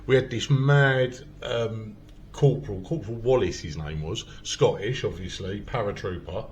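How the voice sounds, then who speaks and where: A man's voice: fairly low pitch, normal speed. Guy hosting a comedy podcast, swears a lot, acts out the quotes, light hiss behind. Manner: swears a lot, loud storytelling with acted quotes. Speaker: podcast host. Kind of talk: casual comedy podcast chat.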